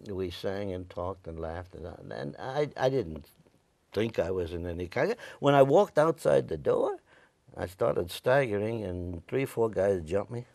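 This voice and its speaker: A man's voice: low-pitched, sing-song, a little slow, vocal fry, darkish tone, no room sound. A man in his nineties from Staten Island, New York, telling his memories in an oral history interview. He rambles a little and acts out the voices of the people in his stories. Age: older; 90s. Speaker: veteran interviewee.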